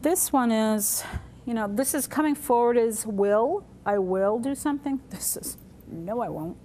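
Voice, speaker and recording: A woman's voice: fairly high pitch, expressive, mellow, a little hiss or hum. Woman teaching a sign language class. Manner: demonstrative, talks through signs with pauses and fillers.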